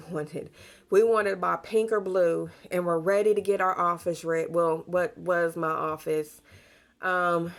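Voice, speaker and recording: Young adult woman, lower register, casual and talkative vlog delivery. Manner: chatty, warm storytelling with Southern US slang. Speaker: pregnant vlogger. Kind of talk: casual chat to camera.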